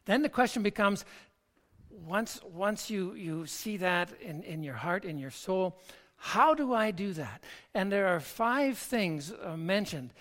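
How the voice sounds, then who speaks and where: Slow, halting pastor preaching a sermon. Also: mid-range voice, animated, fairly bright tone. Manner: slow, halting delivery with frequent word repeats.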